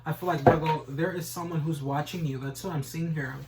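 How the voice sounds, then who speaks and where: A man's voice: on the high side, steady tone, brisk, heavy background noise. A man giving a casual tarot reading, rambling and repeating stock phrases, swearing now and then. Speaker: tarot reader.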